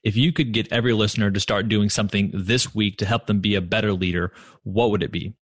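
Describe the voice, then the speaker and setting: A man hosting a podcast interview, asking questions in a measured, reflective way. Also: fairly low pitch, steady tone, breathy edge, dry recording, studio quality. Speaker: podcast host.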